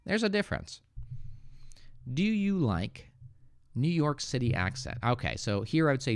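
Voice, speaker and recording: A man from the Northeastern United States with an American accent, relaxed and joking as he reads viewers' comments aloud and corrects them on a live English lesson, speaking into a good microphone. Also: on the high side, normal speed, clear, resonant tone, no echo, studio quality. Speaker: English teacher hosting a livestream. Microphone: good studio microphone.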